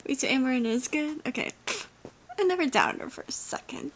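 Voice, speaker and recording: A young woman vlogging her reactions to a fantasy series, excitable and often dropping to a whisper. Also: high-pitched, normal speed, vocal fry, pauses often, slightly rough. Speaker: book vlogger. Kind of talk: casual reading reactions. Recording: faint background noise.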